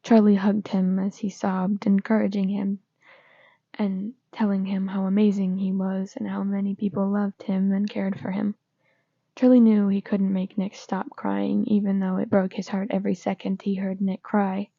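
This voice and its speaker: A woman reading fanfiction aloud in a steady, plain way, with small slips and restarts. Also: mid-range voice, normal speed, gravelly, no echo. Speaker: fanfiction reader. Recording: slightly dull lo-fi recording.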